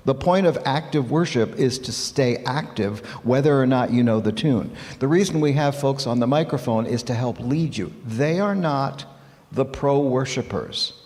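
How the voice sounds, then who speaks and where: A man leading church music, speaking in a middle-pitched voice with a long hall reverb around him. He talks animatedly and encouragingly in a dialogue sermon, demonstrating points as he goes. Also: moderate pace, a little mellow. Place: church sanctuary.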